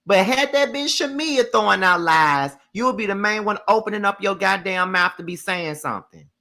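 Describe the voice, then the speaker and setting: A woman's voice: medium pitch, animated, normal speed, pushed and bright. A woman giving a casual live review of a reality show, blunt, profane and exasperated, repeating her points for emphasis.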